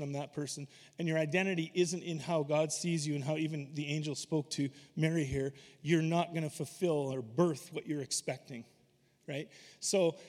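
A man preaching a sermon, animated and emphatic, slipping into voices when he retells scripture. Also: fairly high pitch. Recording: long hall reverb.

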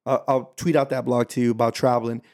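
Animated American man telling travel stories. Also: mid-range voice, quick pace. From United States. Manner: animated storytelling, addresses listeners directly. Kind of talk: casual chat.

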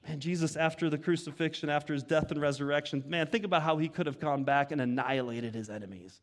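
A pastor preaching an earnest sermon that rises to emphatic peaks. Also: male voice, a little high, fast.

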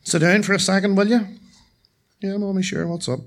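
Brief: confused, fretful old mother, as a male storyteller puts her on, pitched well up, lilting and motherly. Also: fairly even intonation, moderate pace. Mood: worried. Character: elderly mother with dementia, confused and worried.

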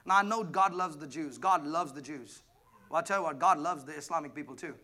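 A man preaching a sermon, emphatic, swinging between loud declarations and hushed asides while questioning the congregation. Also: fairly high pitch, a little fast. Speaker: pastor.

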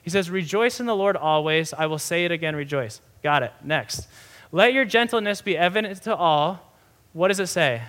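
Bright-voiced man preaching a casual sermon. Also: high-pitched, normal speed. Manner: conversational, animated storytelling with many asides. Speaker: pastor.

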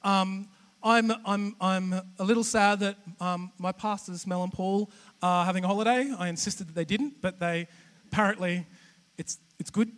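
A man with an Australian accent giving a humorous, chatty sermon as a guest preacher, animated and self-deprecating with many restarts. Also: sits high, moderate pace. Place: church auditorium. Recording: long church hall reverb.

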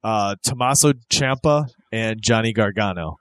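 A man co-hosting a casual wrestling podcast, excitable and quick to laugh. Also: fairly low pitch, no room sound. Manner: excitable, laughs often, says "you know what I mean". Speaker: podcast co-host.

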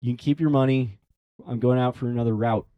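The recording is muffled but has no echo, catching a young priest with a medium-pitched voice speaking a little fast. He tells a personal story in a casual interview, animated and acting out quoted voices, with frequent "like" fillers.

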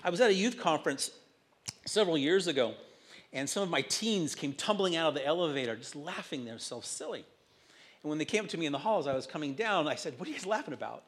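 Animated older male pastor. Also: on the high side, fast. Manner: animated storytelling with self-mocking asides. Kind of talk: sermon.

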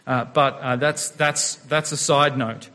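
A man's voice: mid-range voice, steady tone, slow pace, pushed and bright. A man preaching a sermon as pastor, earnest and full of rhetorical questions, with occasional restarts.

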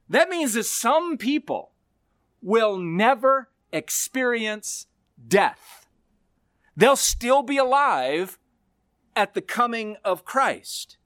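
A male pastor preaching a sermon, expressive, with slow, emphatic stresses on key words. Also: sits high, no room sound, studio quality.

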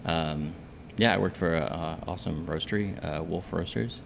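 Deep gravelly man, rambling with fillers. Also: moderate pace, background noise. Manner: rambling, hesitant, many fillers. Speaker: coffee shop guest. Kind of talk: casual chat.

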